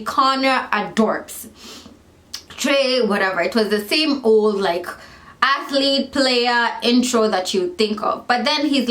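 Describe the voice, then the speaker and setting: A young woman talks casually to her camera in a fairly high voice, rambling and correcting herself as she goes. The sound is echoey, as if she is in a bare room. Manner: animated, rambling, self-correcting, lots of fillers. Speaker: vlogger reviewing a reality show. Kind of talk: casual chatty commentary.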